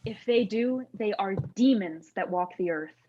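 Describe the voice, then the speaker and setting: A woman's voice: mid-range voice, expressive, unhurried, mellow, highs cut off. A young actress playing an earnest young woman terrified of chimpanzees, speaking in an overly formal, dramatic manner. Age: young adult. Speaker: actor in a student comedy sketch. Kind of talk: stage comedy dialogue.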